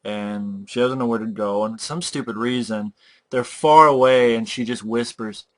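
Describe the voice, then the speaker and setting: A man's voice: mid-range voice, moderate pace. A young man ranting about a movie, exasperated and mocking, with heavy swearing. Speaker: movie reviewer. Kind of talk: profane movie rant.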